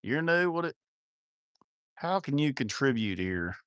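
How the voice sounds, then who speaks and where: On a cattle farm channel's livestream, a man rambles, reads viewer comments, and jokes in a self-mocking way with crude words. His mid-range voice has big pitch swings and a measured pace, sounding a bit bright and smooth in studio-quality audio with no room sound.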